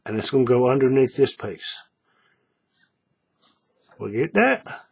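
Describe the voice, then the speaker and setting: A man's voice: medium pitch, sing-song, unhurried, vocal fry, breathy edge. Folksy man talking through a craft demo. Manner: folksy, repeats steps, checks in with viewers. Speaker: paracord craft instructor. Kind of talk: hands-on tutorial narration.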